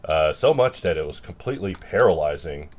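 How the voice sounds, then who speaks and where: A man chatting casually and rambling while he works, self-mocking, sometimes bursting into loud mock-angry lines. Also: extremely low pitch, lively intonation, brisk.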